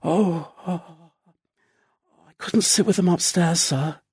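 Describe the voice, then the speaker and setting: Male reader doing an anxious stammering young mother for an audiobook; slightly raised, soft, slow. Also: a little high, slightly rough, dry recording, studio quality, heavily acted. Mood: frightened. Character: timid frightened young country mother. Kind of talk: audiobook character voice.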